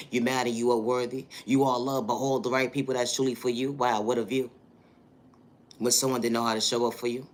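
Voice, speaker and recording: A man hosting a livestream and speaking a motivational monologue, with affirming lines and repeated catchphrases. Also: mid-range voice. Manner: repetitive, affirming, rhythmic catchphrases. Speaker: livestream host.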